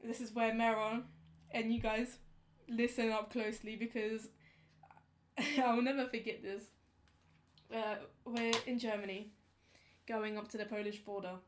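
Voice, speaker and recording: A young woman, casually telling a story on a podcast in slangy, animated talk. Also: on the high side, a little slow, pauses often, slight background noise. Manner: animated, slangy, acts out quotes. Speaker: podcast co-host.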